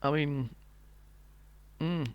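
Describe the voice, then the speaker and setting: A man hosting a podcast, recapping a film in casual chat, animated and sweary, acting out scenes in mocking voices. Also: a little high, very slow, smooth, dry recording, muffled recording. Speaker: podcast host. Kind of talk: casual movie review chat.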